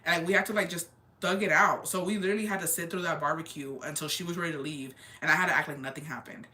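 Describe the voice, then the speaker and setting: Bright-voiced young woman telling a story. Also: sits low, fast. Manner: animated, candid retelling full of "like" and quoted dialogue. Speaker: storyteller on a chat show. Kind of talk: casual chat.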